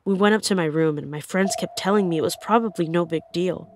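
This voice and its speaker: A woman's voice: fairly low pitch, fast talker. A woman narrating her own scary experience in the first person, in an earnest, plain way. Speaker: storyteller.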